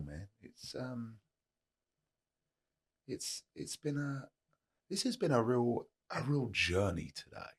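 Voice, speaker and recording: A man talking candidly as a podcast guest, earnest and plain-spoken, driving his points home by repeating them. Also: fairly bright tone. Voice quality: gravelly husky low voice. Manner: earnest and motivational, plain-spoken, uses repetition. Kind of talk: candid conversational storytelling.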